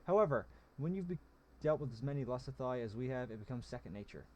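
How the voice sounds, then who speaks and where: A man's voice: medium pitch, expressive, quick pace, a little mellow, lightly acted. A man reading a cool, guarded woman mage. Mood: matter-of-fact.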